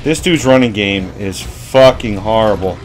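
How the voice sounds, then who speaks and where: Slow, angry cursing man playing a game. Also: lowish voice, faint music behind. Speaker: gaming video host. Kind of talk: profane let's-play commentary.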